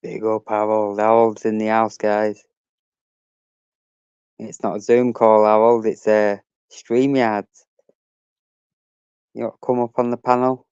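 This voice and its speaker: A man's voice: fairly low pitch, little pitch movement, measured pace, long pauses, a little mellow, smooth, no room sound, muffled recording. A man hosting a casual live stream, chatting with viewers and greeting them by name.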